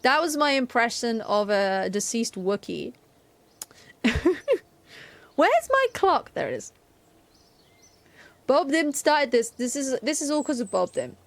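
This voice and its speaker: A woman's voice: a little high, very animated, slow pace, pauses often, no echo. Chatty woman gaming streamer. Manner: chatty, self-deprecating, laughs often. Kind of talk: live game stream commentary.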